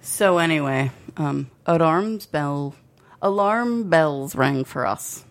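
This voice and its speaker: A woman's voice: low voice, expressive, very slow. A tipsy woman co-hosting a casual chat show, reading out a news story and laughing often as she rambles. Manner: laughs often, loose and rambling after drinking. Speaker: podcast co-host.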